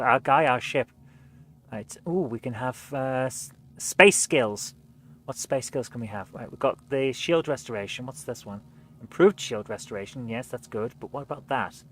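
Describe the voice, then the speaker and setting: A woman's voice: extremely low pitch, fairly bright tone. Chatty woman streamer thinking aloud. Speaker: streamer and show host. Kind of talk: casual live gameplay stream talk.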